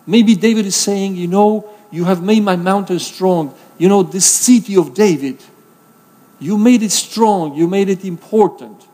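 A man from Romania preaches in an earnest, conversational style, his voice sitting notably high for a man. His words ring out with a long reverb, as if carried through a large hall. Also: measured pace, warm tone. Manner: earnest, conversational preaching with emphatic scripture reading. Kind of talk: sermon.

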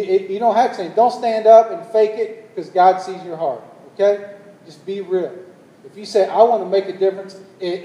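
High-pitched preacher guy, mellow, long hall reverb, rising to emphatic calls. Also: distant mic. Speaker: pastor. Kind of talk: sermon. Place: church hall.

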